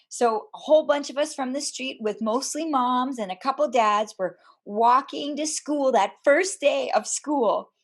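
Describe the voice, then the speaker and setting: A woman from Canada, telling a personal story to an audience in a slow, deliberate way with dramatic pauses. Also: fairly high pitch. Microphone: camera.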